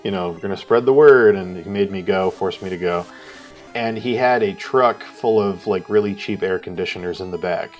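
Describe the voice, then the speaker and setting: Guy on a livestream telling a long story, low voice, swears a lot, bursts into loud quotes. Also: normal speed, faint music behind. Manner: rambling, swears, acts out quotes loudly. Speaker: co-host of a live art stream. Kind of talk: casual storytelling chat.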